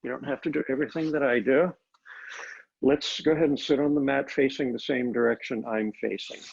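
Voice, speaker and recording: A man teaching a Pilates class, calmly cueing each step of the exercises, recorded on a laptop microphone. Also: mid-range voice, a little fast, vocal fry, slightly rough, highs cut off. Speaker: Pilates instructor. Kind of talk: guided exercise class instruction.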